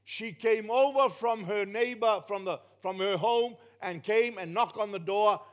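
High-voiced emphatic New preacher. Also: male voice, unhurried. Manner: emphatic, rising to loud bursts then dropping low. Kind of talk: sermon.

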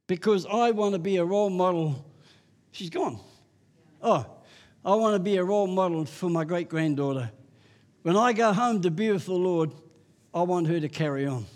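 An older man preaching an impassioned sermon, building to loud repeated refrains and then dropping to softer testimony. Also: high voice. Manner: impassioned, repetitive refrains, rising to loud peaks.

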